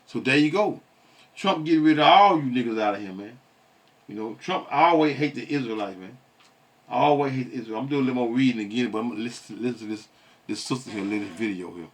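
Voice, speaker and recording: A man rambles through a reaction commentary, stumbling over his words and mocking. His voice sits at an ordinary middle pitch. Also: fast.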